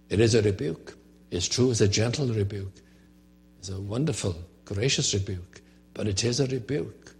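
A man's voice: lowish voice, normal speed, darkish tone. A man preaching a sermon, earnest and rhetorical, often asking questions of his listeners. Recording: long hall reverb.

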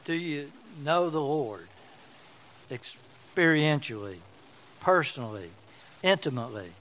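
A man's voice: fairly high pitch, animated, slow pace, fairly bright tone, a little hiss or hum, low-quality recording. A man preaching a sermon as pastor, telling folksy stories and repeating words for emphasis.

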